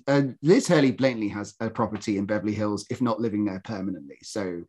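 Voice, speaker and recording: A man co-hosting a podcast in casual, animated chat, mocking people with impressions. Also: lowish voice, fast. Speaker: podcast co-host.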